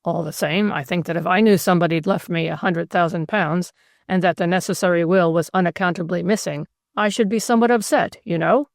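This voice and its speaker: A woman's voice: on the low side, fairly quick, vocal fry, no room sound. A woman voicing an older male magistrate who talks in a sly, dry, confidential way.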